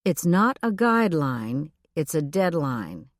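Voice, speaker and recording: A woman's voice: deep voice, sing-song, slow, no room sound, clean studio sound, full character voice. A woman narrator voicing a patient, slightly weary female small-town reporter in an audiobook.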